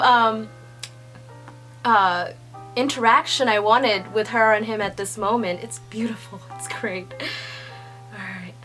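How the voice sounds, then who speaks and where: A young woman reading a manga chapter aloud and reacting with gushing excitement, swearing and laughing often. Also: on the high side, slow, long pauses, faint music behind. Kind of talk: excited read-along reaction.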